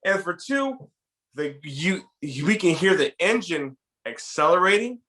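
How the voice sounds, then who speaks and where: A man casually telling a story from his youth to a friend, animated and acting out the lines he quotes. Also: high voice, unhurried. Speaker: podcast co-host telling a story.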